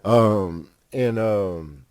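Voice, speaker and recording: A man's voice: lowish voice, very slow, a little mellow, dry recording. A young man, a podcast host telling a rambling, profane story with lots of fillers. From Fort Worth, Texas. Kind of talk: casual storytelling monologue.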